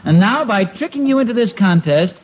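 A man's voice: sits high, animated, brisk, slight background noise. A man acting a sheepish, stammering husband in a 1940s radio sitcom, muffled old recording.

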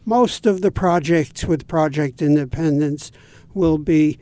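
A man speaking as a guest on an interview, explaining things in a measured, patient way. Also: fairly high pitch, dark tone, no echo. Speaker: guest from a home repair volunteer group. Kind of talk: interview answers.

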